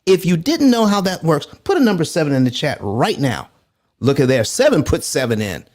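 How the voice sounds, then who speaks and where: A man with a fairly high voice hosts a live finance show. His pitch swings widely as he rallies viewers and reads their comments aloud. He often repeats himself while he works through the numbers. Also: very animated, brisk, a little mellow. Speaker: host.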